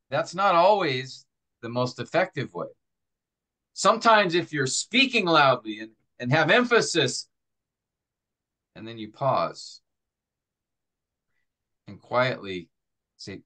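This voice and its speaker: In a slow, animated mid-range voice that pauses often and sounds pushed and bright, a middle-aged man teaches preaching. He keeps things thoughtful and conversational, acting out examples to show how delivery works.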